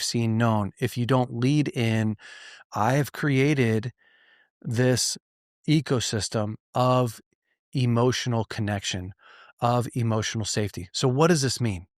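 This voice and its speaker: A pastor in his thirties or forties speaks earnestly to his listeners at a mid-range pitch, posing rhetorical questions and restarting his sentences as he drives his points home. His voice can catch and sound choked. It is recorded close and dry, with no room sound. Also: no echo. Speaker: pastor and podcast host. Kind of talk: direct-to-listener podcast teaching.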